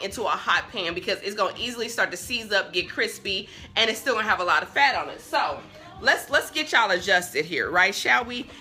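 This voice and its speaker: A woman's voice: mid-range voice, sharp tone. A young woman hosting a live cooking stream from her home kitchen on a phone, chatting straight to viewers and easily sidetracked. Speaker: cooking show host. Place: home kitchen with bacon sizzling in a pan. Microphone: phone on a stand.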